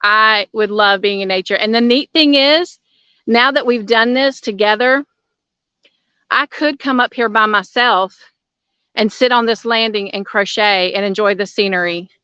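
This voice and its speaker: A woman's voice: medium pitch, measured pace, pushed and bright, clean tone, no room sound, highs cut off. A woman chatting casually with viewers during an outdoor livestream, a little out of breath and friendly. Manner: friendly, addresses viewers as y'all. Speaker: channel host. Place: outdoors by a waterfall.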